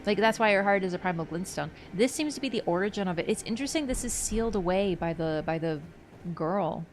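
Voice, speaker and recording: Over soft background music, a woman livestreams a game and chats about its lore in a mid-range, expressive voice at a brisk pace. She muses aloud as she goes and replies to her chat.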